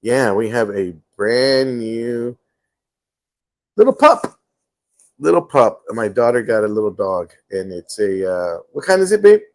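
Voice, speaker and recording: Man, low voice, rambling casual host, lots of fillers, from home. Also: lively intonation, unhurried, few pauses, darkish tone. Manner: rambling storyteller, many fillers. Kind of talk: casual livestream chat.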